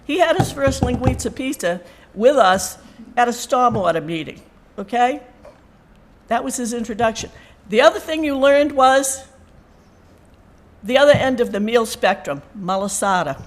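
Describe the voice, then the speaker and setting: A woman's voice: fairly high pitch, lively intonation, moderate pace. Teasing woman giving farewell remarks. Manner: warm, teasing, laughing often. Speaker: board member. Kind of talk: farewell remarks at a public meeting. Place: town meeting room.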